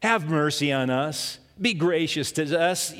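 A preacher doing a pleading, frightened soldier. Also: male voice, on the high side, lively intonation, measured pace, fairly bright tone, big-room sound. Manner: pleading, breathless. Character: frightened male army commander begging for mercy.

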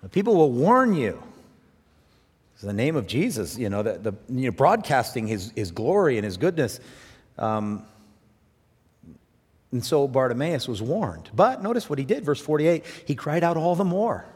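A man preaching a sermon, animated, swinging from raised emphasis to quiet asides and often repeating words as he thinks aloud. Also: mid-range voice, moderate pace, slightly rough. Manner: animated preaching, rising and dropping to near hush for emphasis. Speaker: pastor. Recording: long hall reverb.

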